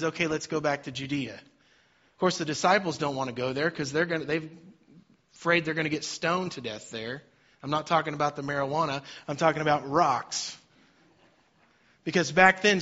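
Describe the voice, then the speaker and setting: A man, a pastor, preaching a sermon with dynamic swings between loud emphasis and soft, quiet lines. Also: fairly high pitch, muffled recording.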